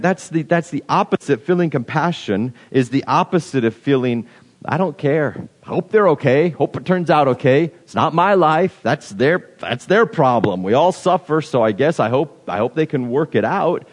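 A man giving a casual, conversational sermon as pastor, with many halting restarts. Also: medium pitch, a little mellow. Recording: long hall reverb.

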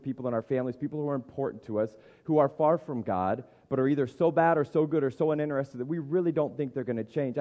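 A man's voice: medium pitch, big-room sound, muffled recording. A man in his thirties preaching a conversational sermon as a pastor, thinking aloud with frequent restarts.

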